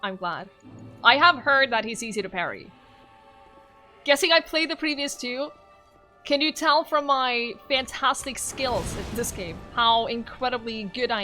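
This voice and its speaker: Woman game streamer, high and animated, playful and teasing, chats to her viewers and laughs a lot, faint music underneath. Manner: playful and teasing, laughs often, yelps when hit. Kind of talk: live game stream commentary, reading chat aloud. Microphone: microphone in front of her face.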